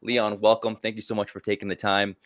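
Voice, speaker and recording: A man's voice: on the low side, little pitch movement, fairly quick, fairly bright tone, no room sound, studio quality. A man hosting a panel discussion, welcoming each guest with effusive enthusiasm. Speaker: host.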